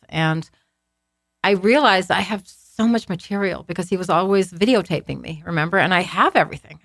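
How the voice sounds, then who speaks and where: A woman's voice: on the low side, a bit bright, no room sound, studio quality. Woman guest telling her story candidly. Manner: candid, searching storytelling with frequent restarts. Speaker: podcast guest. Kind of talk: casual interview conversation.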